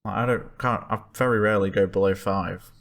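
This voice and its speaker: A young man with a lowish voice in a casual chat. He speaks in a laid-back way and drops deadpan jokes. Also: brisk, gravelly. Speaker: podcast co-host reviewing albums.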